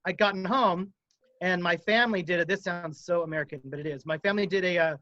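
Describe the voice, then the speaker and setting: A man's voice: high-pitched, fast talker, no echo, dull audio. A man from Phoenix, Arizona, a musician guest telling stories in a casual interview and acting out the voices he quotes. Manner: animated storyteller, acts out quoted voices.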